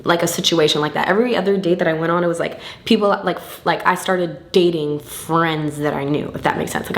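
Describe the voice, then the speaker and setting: A woman's voice: low voice, roomy sound, slight background noise. A tipsy young woman rambling loosely through a get-ready-with-me vlog, slangy and full of swearing. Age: young adult. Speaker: beauty vlogger.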